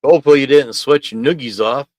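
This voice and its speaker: This livestream host talks fast in a medium-pitched, slightly mellow voice, chuckling and rambling as he reads out viewer comments. He broadcasts casually from a small home office studio on a desk mic, with no echo.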